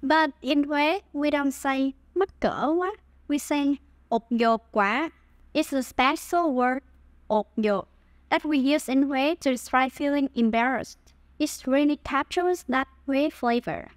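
A woman from Huế with a Vietnamese accent, teaching dialect phrases in a scripted language lesson with slow, careful modeling. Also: high voice, no echo.

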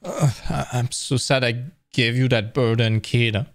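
A man voicing a regretful old male hobbit in a halting, sorrowful way. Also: medium pitch, steady tone, dry recording, studio quality, close to an everyday voice.

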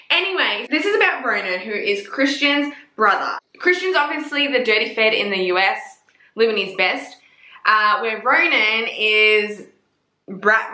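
Young woman gushing about books, swears a ton, bright voice in a roomy echoey space. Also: a little high. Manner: gushing, swears a lot, fillers like "like". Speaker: book reviewer. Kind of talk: casual chat. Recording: echoey room.

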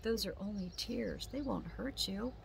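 A woman's voice: mid-range voice, a little slow, creaky, a little hiss or hum. A woman voicing a kind male rabbit in a storybook, speaking in a soothing, reassuring way.

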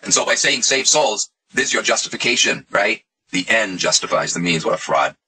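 A man's voice: on the low side, lively intonation, a little fast, pushed and bright, slightly rough, low-quality recording. A man hosting a casual monologue video, talking in a sarcastic, mocking way. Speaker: video host.

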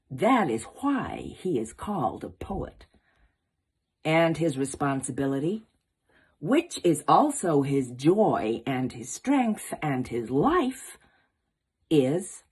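A woman's voice: low voice, a little mellow, husky, heavily acted. A woman putting on an American accent to voice an impassioned male writer in a rhythmic, rousing recitation.

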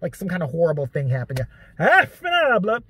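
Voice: mid-range voice, sing-song, brisk, husky. A vlogger telling rambling, joking, profane stories about a late father in a casual monologue.

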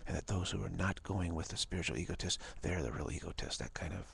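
A man speaking as a spiritual teacher in an informal talk. He talks haltingly, repeats words and often drops to a half-whisper. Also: low-pitched, creaky, breathy edge.

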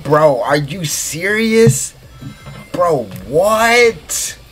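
A man in his twenties giving excitable let's play commentary, shrieking in delight and saying bro constantly. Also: sits high, very slow, soft background music. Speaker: gaming YouTuber.

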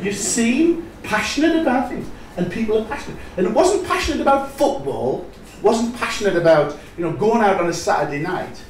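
A middle-aged man with a Sunderland accent addresses an audience with wry humour, his voice rising and falling in lively swings. He is recorded from a distance in a very echoey hall with faint background noise. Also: high-pitched, fairly quick. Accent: North East English, Sunderland. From North East England. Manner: animated storyteller with wry humour. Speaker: business leader giving a talk. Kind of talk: public talk to a live audience. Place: large echoey room at a live event.

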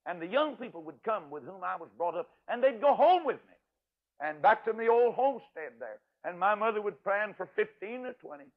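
An older man, an evangelist preacher, telling a folksy, emphatic story in a sermon, his voice swinging from loud to hushed. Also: high-pitched. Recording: tinny radio broadcast audio.

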